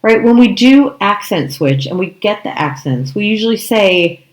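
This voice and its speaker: A woman co-hosting an improv podcast, talking in a measured, thoughtful way and often checking in with "right?". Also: mid-range voice, expressive. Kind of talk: casual discussion. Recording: echoey room.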